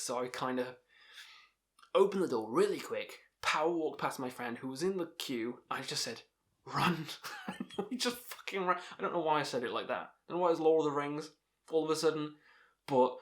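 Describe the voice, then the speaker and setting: A man's voice: a little high, a bit bright. A young man telling rambling, sweary stories about festivals and laughing at himself. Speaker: channel host telling stories. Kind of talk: casual storytelling monologue.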